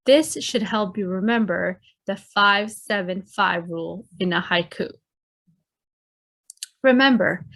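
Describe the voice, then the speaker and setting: Woman teacher, slow and clear, speaking to kids in a recorded lesson. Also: mid-range voice, a bit bright. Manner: clear, explanatory, addresses children.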